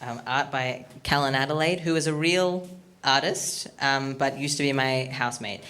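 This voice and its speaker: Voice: medium pitch, normal speed, a bit bright, slight background noise. A stand-up comedian doing a rambling, awkward, self-deprecating set with lots of ums, from Australia, recorded on a comedy studio stage.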